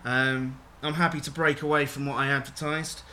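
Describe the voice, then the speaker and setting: Bright-voiced chatty man. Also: medium pitch, little pitch movement, normal speed, slight background noise. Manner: rambling and chatty, with frequent restarts and swearing. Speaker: radio show host. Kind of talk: casual radio chat.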